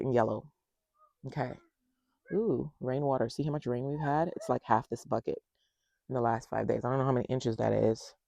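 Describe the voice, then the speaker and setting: A man casually walking viewers through his backyard garden, chatting to them directly and thinking out loud as he goes. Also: medium pitch, gravelly, no echo. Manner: chatty, talks straight to viewers and thinks aloud. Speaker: home gardener giving a tour. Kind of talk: casual garden tour vlog.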